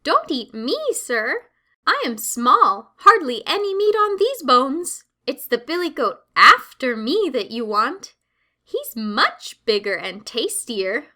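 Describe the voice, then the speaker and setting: A woman voicing a small, clever young billy goat in a children's storybook, pleading in a high, loud voice. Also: very animated, heavily acted. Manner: high, pleading and quick-witted.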